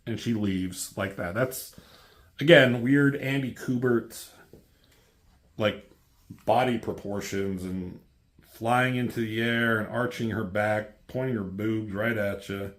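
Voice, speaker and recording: A man's voice: lowish voice, slow. A man casually reviewing a comic book, reading bits aloud and wandering off into wry, rambling asides.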